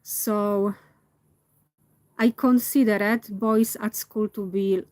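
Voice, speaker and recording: A woman, not a native English speaker, telling a personal story in a reflective monologue and often pausing to search for words. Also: medium pitch, fairly even intonation, darkish tone, no room sound. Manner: thoughtful, pauses to search for words. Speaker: vlogger.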